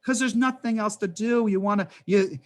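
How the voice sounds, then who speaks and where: Rabbi teaching an adult class on a video call, higher male voice, chatty storyteller, full of rhetorical questions. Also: normal speed. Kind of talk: conversational class talk over video call.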